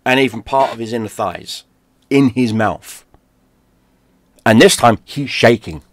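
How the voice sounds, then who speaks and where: A man from London, a gaming streamer, telling a personal story in a lively, profane way. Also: mid-range voice, a little slow, no echo, studio quality. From London, England. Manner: animated, profane, acts out shouted quotes.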